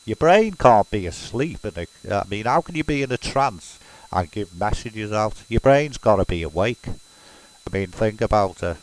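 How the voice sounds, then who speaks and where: A man from Liverpool speaks with a Scouse accent in a fairly low voice. He rambles through a casual monologue, stopping and restarting with plenty of fillers. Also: animated, normal speed, rough recording. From Liverpool, England. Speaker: self-described medium.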